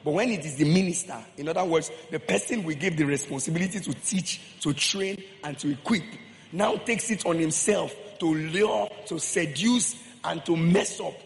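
A man preaches with emphatic repetition, pressing his listeners with questions. His voice sits a touch high for a man. Long reverb from the hall trails his words, over a faint wash of room noise. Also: normal speed, creaky. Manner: emphatic, repeats phrases, questions the congregation. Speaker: pastor. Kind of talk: sermon.

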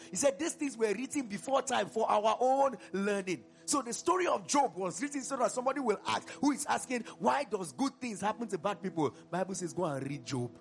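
A man preaching a sermon in an animated way, asking the congregation questions and answering them himself. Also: high-pitched, gravelly. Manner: breaks into song mid-sermon.

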